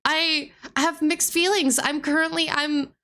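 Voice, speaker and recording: Chatty girl streamer reacting to a video, high bright voice, slow and bouncy. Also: fairly even intonation. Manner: chatty, giggly. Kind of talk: casual reaction commentary.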